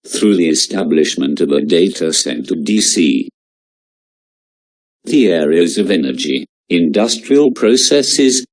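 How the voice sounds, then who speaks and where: A man reading out exam-prep lecture notes in a slow, measured way. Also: low voice, a little mellow.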